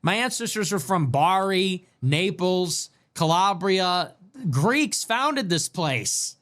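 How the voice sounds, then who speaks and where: A man hosts a livestream, answering viewer messages with sarcasm and open mockery. His voice sits a little high and moves about a lot, swinging from loud bursts to low mutters. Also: expressive, takes it slowly. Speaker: livestream host. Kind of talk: livestream commentary reading super chats.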